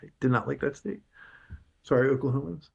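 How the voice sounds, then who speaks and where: A man's voice: mid-range voice, brisk, vocal fry, darkish tone, slightly rough, highs cut off. A male screenwriter as an interview guest, telling a personal story in an earnest, emotional, casual way.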